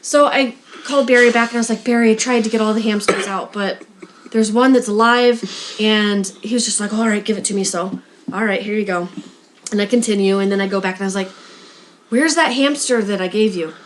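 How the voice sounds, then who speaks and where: A woman telling a story in casual chat, animated and slipping into voices for the people in it. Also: medium pitch, fairly quick, slight background noise. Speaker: guest storyteller.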